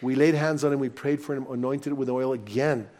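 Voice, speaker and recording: A man preaching as a pastor, telling personal stories to his congregation with lively, rising excitement. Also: medium pitch, a little fast. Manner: animated, personal anecdotes told warmly to a congregation. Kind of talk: sermon storytelling.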